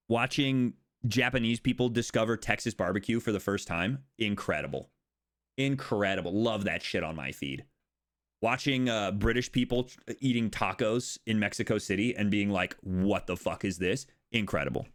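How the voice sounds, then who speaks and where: A young American man streaming casual chat, rambling and animated, swearing and laughing often as he talks. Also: on the low side, normal speed. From United States.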